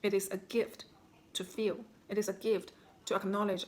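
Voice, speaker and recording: A woman as a spiritual healing coach, calmly guiding listeners through self-reflection with instructive questions. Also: mid-range voice, moderate pace. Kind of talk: guided self-reflection talk.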